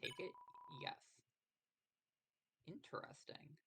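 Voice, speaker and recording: A man's voice: slow pace, pushed and bright. Wry, dry-humored man gaming. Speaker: guest playing the game. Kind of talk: casual stream chat.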